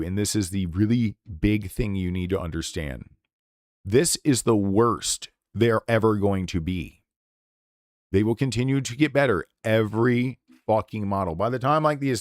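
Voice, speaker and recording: A man's voice: lowish voice, no room sound, studio quality. A man streaming live, delivering an impassioned, profanity-laced rant in a blunt, unscripted way. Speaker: game streamer.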